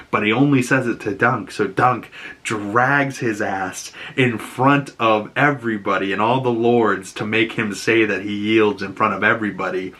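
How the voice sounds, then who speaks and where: A man with a Boston accent, hosting a podcast and recapping a TV episode in a loose, animated way, acting out the characters' lines and swearing casually. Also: mid-range voice. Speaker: podcast host.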